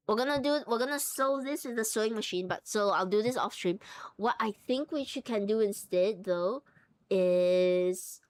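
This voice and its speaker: A woman's voice: medium pitch, darkish tone. A young woman streaming live, chatting casually and thinking aloud with giggles as she works on a craft.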